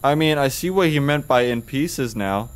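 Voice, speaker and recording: A man's voice: medium pitch, animated, normal speed, clean tone. A man playing a horror game on his channel, reading its text aloud and reacting with swearing and jokes. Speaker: gaming video host. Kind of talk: casual horror game commentary.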